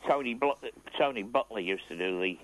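An older man calling a radio phone-in, emotional and halting, clearing his throat. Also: on the low side, animated. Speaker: caller. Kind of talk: phone-in call. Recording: tinny phone line.

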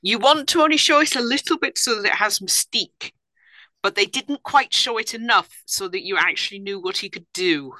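A woman co-hosting a film podcast, making dry, measured remarks in casual chat. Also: medium pitch, expressive, bright, forceful tone, no room sound, low-quality recording. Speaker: podcast co-host.

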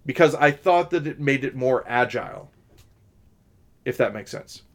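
A man co-hosting a podcast in casual chat, talking in a deliberately raised voice with many restarts. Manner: talks in many restarts and fillers, deliberately pitched-up voice. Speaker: podcast co-host.

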